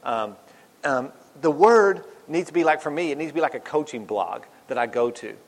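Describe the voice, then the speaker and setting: A man's voice: fairly high pitch, animated, moderate pace. A man giving an informal devotional talk, rambling and chatty with lots of asides and self-mocking humor. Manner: rambling, chatty, with many "you know" asides. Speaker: speaker giving a church devotional. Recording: long hall reverb.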